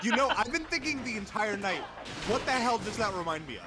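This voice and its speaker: A man's voice: high voice, big pitch swings, fairly quick. A man rambling casually with friends on a call, often slipping into quoted lines. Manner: rambling, quotes shows in put-on voices. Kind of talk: casual gaming chat. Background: game music.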